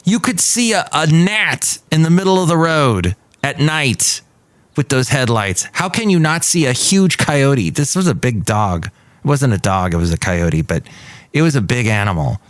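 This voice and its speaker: Man, podcast host, casual rambling chat, jokey, lively pitch, mid voice. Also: moderate pace, no room sound. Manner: rambling, chatty, jokey asides. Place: outdoors at a cafe.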